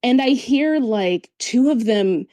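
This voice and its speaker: A woman's voice: on the high side, expressive, takes it slowly, warm tone, no echo. A woman guest on a podcast, telling a personal story in casual chat, acting out the voices of others and swearing now and then.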